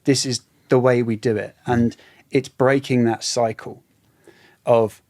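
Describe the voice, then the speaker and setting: A man speaks in a mid-range voice. He talks in a reflective, halting way and often trails off mid-thought. It is casual podcast conversation. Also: medium pitch, flat delivery, darkish tone. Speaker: podcast guest.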